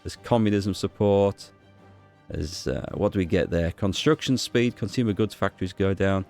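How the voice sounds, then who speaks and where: A man's voice: sits low, normal speed, a little mellow, soft background music. A man giving casual gameplay commentary, thinking aloud as he plays, with fillers and small restarts. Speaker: gaming YouTuber.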